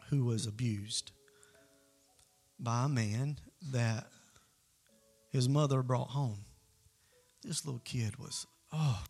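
A man's voice: medium pitch, gravelly, husky. A man preaching in an earnest, conversational way, telling a story as part of a sermon.

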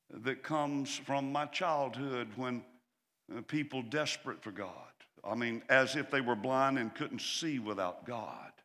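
A male pastor delivers a sermon with a bright, ringing tone and a voice that leaps up and down in pitch. He speaks slowly and deliberately, then swells into loud, fervent cries. The sound carries a long reverb from a large church sanctuary.

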